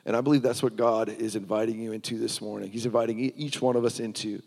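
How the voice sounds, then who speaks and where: A man's voice: fairly low pitch, steady tone, fast, vocal fry, hardly any pauses, darkish tone. A man preaching a sermon in a church, telling a story earnestly and often restarting his words. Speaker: pastor. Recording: long hall reverb.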